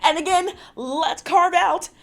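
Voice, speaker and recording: Hosting a reality TV recap vlog, a woman rants with profane exasperation, mimicking the cast members' lines in quick voices as she comments. Her voice is very high-pitched and a bit bright.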